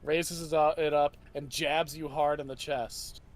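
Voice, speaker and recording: A man narrating a tabletop game in a slightly high voice. He steps into a scolding old witch character now and then. The sound is a casual home recording. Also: level tone, unhurried. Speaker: game master.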